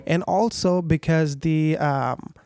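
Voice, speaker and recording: A man, a guest who does voiceover work, chatting casually on a podcast with dry, dark humor. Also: fairly high pitch, slow pace, no echo. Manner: dry, dark joking with voice-switching asides.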